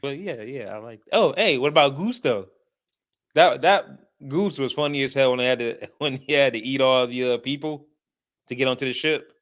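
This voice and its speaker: A man's voice: mid-range voice, normal speed, fairly bright tone, no echo, clean studio sound. A man, co-hosting a casual movie podcast in a laid-back, teasing manner. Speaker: podcast co-host. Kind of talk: casual movie review chat.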